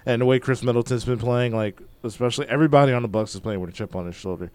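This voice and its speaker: A man's voice: mid-range voice, rapid-fire, darkish tone, smooth, no echo. A man from Philadelphia co-hosting a sports podcast, giving analytical takes in casual chat and running long points together.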